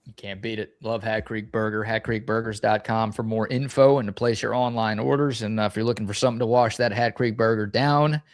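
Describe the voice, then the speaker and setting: A man's voice: steady tone, fairly quick, few pauses, no room sound. Upbeat Texan man doing a dry studio ad read. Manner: upbeat pitchman, teasing. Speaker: sports talk co-host. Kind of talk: live-read ad and casual banter. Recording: dry close studio sound.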